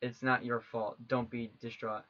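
A calm doctor explains in a flat, measured way, as a man reads him out. His voice is bright. The recording has a dull, lo-fi sound. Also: medium pitch. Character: calm male doctor giving bad news.

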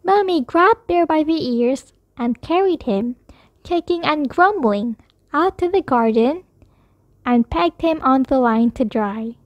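A woman reads a children's picture book aloud with clear, expressive storytelling. She takes her time over every phrase in a high voice. The recording is close and dry. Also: slow pace, no room sound, dull audio. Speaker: storybook reader.

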